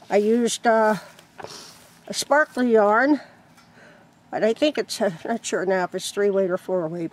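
A woman chatting casually and rambling, laughing often, outdoors by a chicken coop. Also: mid-range voice. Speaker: crochet vlogger. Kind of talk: casual vlog chat.

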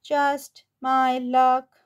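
A woman's voice: high voice, big pitch swings, slow pace, pitched above the performer's own voice, exaggerated voice. A woman voicing a grumpy male cat who sighs and complains, in a children's picture book reading. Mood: grumbling. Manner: sighing, complaining.

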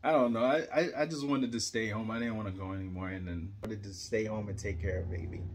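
A man's voice: fairly low pitch, steady tone, fast, slight background noise. A young adult man co-hosting with his wife, chiming in with laid-back, teasing banter. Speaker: co-host, her husband. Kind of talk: casual chat, teasing interjections.

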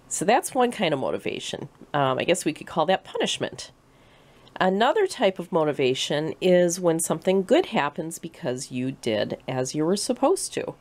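A woman with a low voice gives an educational talk for children. She explains things patiently and clearly, building each point through simple examples. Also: a little mellow. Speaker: animal shelter educator.

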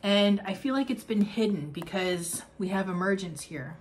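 Young woman, mid-pitched, doing a spiritual card reading; gushing, rambling, laughs a lot. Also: moderate pace, a little hiss or hum. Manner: effusive, rambling, with frequent laughs and fillers. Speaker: oracle card reader.

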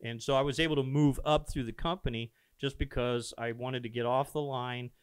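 An older man speaks as a guest on a casual podcast, easygoing and reminiscing. His voice is smooth and resonant at a middle pitch, recorded dry and close with no room echo. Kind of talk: casual conversation.

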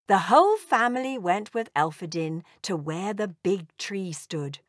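A woman reading a children's storybook aloud in a gentle, expressive way. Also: medium pitch, a little slow, no echo, studio quality.

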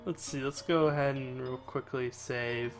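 A man's voice: medium pitch, steady tone, measured pace, faint music behind. Laid-back joking man, game commentary. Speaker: let's player. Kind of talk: casual gameplay commentary.

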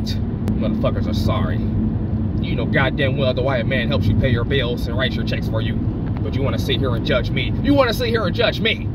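A man's voice: medium pitch, lightly acted. A man playing a brash, boastful working man. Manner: profane, boastful, taunting. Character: brash, crude, self-satisfied working man. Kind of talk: comedic character monologue. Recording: loud car and road noise.

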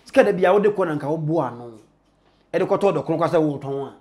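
A man being interviewed, talking in an emphatic, preachy way with sudden loud bursts. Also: a little high, lively intonation, fast. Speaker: interview guest. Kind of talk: animated conversational interview.

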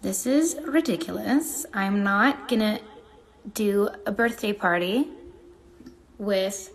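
A woman doing an impression of a bored, disdainful socialite with a flat, drawling delivery. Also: mid-range voice, takes it slowly, poor audio.

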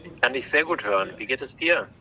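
A man giving a live product demo on a phone call outdoors by the water, talking haltingly with repeated words and fillers. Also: mid-range voice, expressive. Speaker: tech demo presenter.

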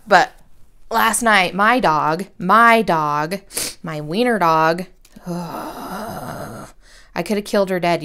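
Woman, 30s, lowish voice, rambling self-deprecating craft vlogger talking at her desk. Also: sharp tone. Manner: chatty, rambling and self-deprecating, with slangy asides. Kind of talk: casual craft tutorial chat.

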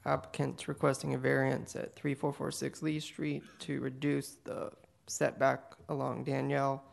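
A man, a city planner, giving a staff report at a public meeting, brisk with some fillers. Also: mid-range voice, little pitch movement, vocal fry.

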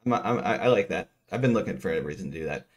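Low-voiced rambling lecturer man. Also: expressive, fast talker. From New Jersey. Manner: rambling, self-interrupting, muttering asides. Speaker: economics lecturer. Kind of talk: casual lecture, working through equations.

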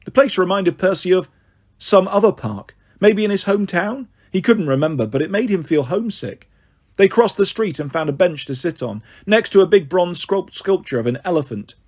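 A man narrating an audiobook in a steady reading voice, now and then stumbling on a word. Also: high-pitched, normal speed. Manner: steady, occasionally stumbles on words.

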